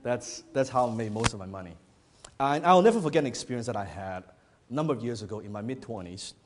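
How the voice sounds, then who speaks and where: A man's voice: medium pitch, lively intonation, fast talker, noisy background. A man giving a motivational business talk to a live audience, telling stories in a blunt, profane style and often repeating phrases. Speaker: business speaker. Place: event hall before an audience.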